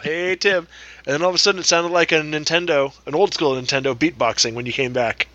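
A man's voice: on the high side, fairly even intonation, quick pace, sharp tone, muffled recording. A man co-hosting a casual comedy podcast, teasing and interrupting the others. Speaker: podcast co-host.

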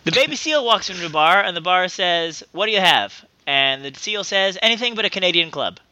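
A man's voice: high voice, lively intonation, fairly quick, pushed and bright, no room sound. A man co-hosting a casual comedy podcast over a call, telling jokes in an exasperated, profane way. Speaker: podcast co-host. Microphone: remote call mic.

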